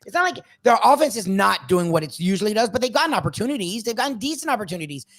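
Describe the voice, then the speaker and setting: A man's voice: sits high, big pitch swings, very fast, a bit bright, no room sound. A man co-hosting a casual sports talk show, speaking bluntly and emphatically with frequent swearing.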